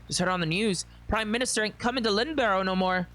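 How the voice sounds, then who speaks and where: A man's voice: high voice, quick pace, sharp tone, pitched above the performer's own voice. A streamer voicing an agitated, blunt-talking militant man who swears in a visual novel read-aloud. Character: agitated male militant plotter.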